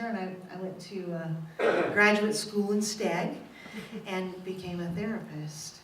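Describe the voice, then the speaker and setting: A woman's voice: on the low side, unhurried, pauses often. A middle-aged woman minister giving a candid personal testimony sermon, self-mocking and laughing often. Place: church sanctuary. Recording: roomy echo, from a distance, faint noise.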